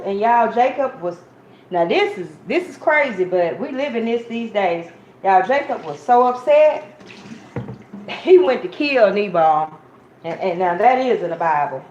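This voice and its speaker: A woman's voice: medium pitch, animated, moderate pace, a little mellow. A woman preaching an informal sermon, telling a Bible story in a chatty, conversational way and calling her listeners y'all. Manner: conversational, addresses listeners as y'all, acts out quotes. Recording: muffled, roomy, faint hiss.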